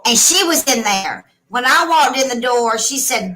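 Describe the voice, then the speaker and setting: A woman's voice: a little high, normal speed, hardly any pauses, bright, forceful tone, a little hiss or hum, poor audio. A woman telling a personal story in casual chat, blunt, swearing freely and emotional.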